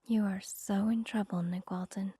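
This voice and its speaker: A woman's voice: mid-range voice, lively intonation, normal speed, dry recording, lightly acted. A woman voicing an earnest young woman just out of college, often speaking in a whisper in a storybook reading.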